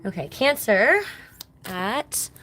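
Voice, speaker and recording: A woman's voice: mid-range voice, animated, slow, a bit bright, a little hiss or hum. Woman, card reader, casual live stream, chatty, affectionate. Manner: chatty and affectionate, chats with viewers and calls them baby.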